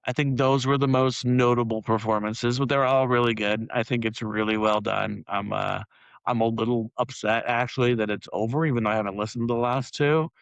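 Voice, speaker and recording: A man's voice: medium pitch, steady tone, fairly quick, gravelly, clear, resonant tone, dry recording, muffled recording. A man co-hosting a podcast, chatting casually and rambling with many fillers and laughs. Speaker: podcast co-host. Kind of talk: casual chat.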